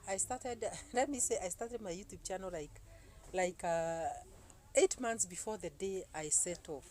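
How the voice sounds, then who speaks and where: A woman, telling a story to camera in an animated way, full of exclamations. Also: mid-range voice, rough recording. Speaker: YouTuber. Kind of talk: casual talk to camera. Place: indoors, seated. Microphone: phone camera.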